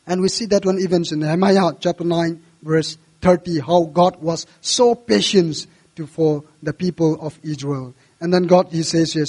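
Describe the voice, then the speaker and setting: A man preaching a sermon in earnest, his voice rising and growing louder when he quotes scripture, with non-native English phrasing. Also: on the high side, unhurried. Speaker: pastor.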